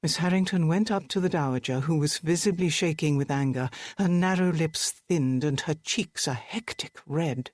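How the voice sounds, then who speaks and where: Brief: even, measured storybook narration, mid-pitched, dry and close. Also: no room sound. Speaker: audiobook narrator. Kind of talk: scripted narration.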